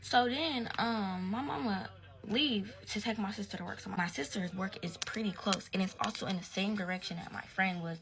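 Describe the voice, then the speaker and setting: A woman's voice: mid-range voice, normal speed, a crowd in the background. A young woman telling a casual storytime in slangy, profane talk, sometimes dropping to a whisper.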